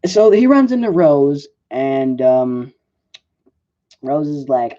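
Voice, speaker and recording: A man's voice: medium pitch, slow pace. A man giving a casual movie review, rambling with lots of "like" and fillers and often correcting himself, on a dull lo-fi recording. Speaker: film reviewer.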